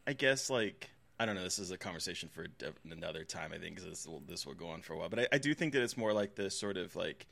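A man's voice: low-pitched, expressive, fast talker, vocal fry, few pauses, fairly bright tone. A man co-hosting a podcast, talking films in a casual, reflective way with dry humor. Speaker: podcast co-host. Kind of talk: casual film chat.

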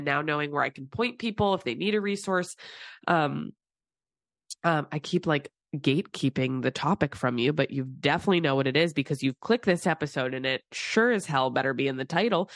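A low-voiced woman hosts her podcast with a stuffy, congested nose from a cold. She rambles along in a chatty, casual way with quick asides. The sound is dry and close. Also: no room sound. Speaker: podcast host. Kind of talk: casual solo podcast chat.

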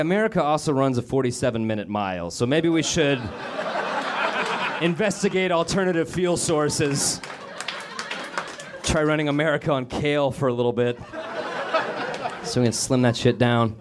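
A man from Denver doing a sarcastic stand-up comedy set on stage with a handheld mic, often slipping into quick put-on voices. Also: medium pitch. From Denver, Colorado. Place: comedy club stage with a laughing audience. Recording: live club recording with audience noise.

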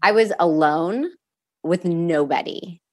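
A woman's voice: lowish voice, takes it slowly. A young woman telling a painful personal story as a guest, candid and earnest, with many fillers and restarts. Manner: emotional at moments, with nervous laughs.

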